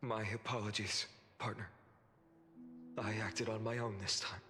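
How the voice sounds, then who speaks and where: A man voicing an earnest, duty-bound young lord in a game cutscene, giving solemn, measured commands. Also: lowish voice, steady tone, in a large hall, music in the background, lightly acted.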